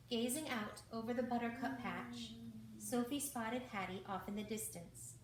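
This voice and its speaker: A woman reading a children's book aloud in a slow, expressive way. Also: fairly high pitch, a little hiss or hum. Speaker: reader. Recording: roomy, from far off.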